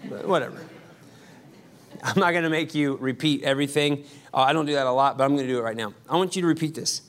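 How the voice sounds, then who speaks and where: A man preaching a sermon as pastor, conversational with quick asides and emphatic repetition. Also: fairly high pitch, a bit bright.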